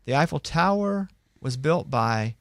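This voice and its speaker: A man's voice: fairly high pitch, animated, measured pace, fairly bright tone, no room sound. Young male podcast host, playful banter, dry close sound. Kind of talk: casual chat.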